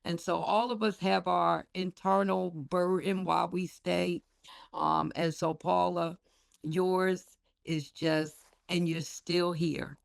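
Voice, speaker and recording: A woman's voice: lowish voice, fairly even intonation, slow pace, creaky, clear, resonant tone, no echo. A woman pastor giving a heartfelt award tribute, emphatic and repetitive, with a preacher's lilt, speaking on a video call.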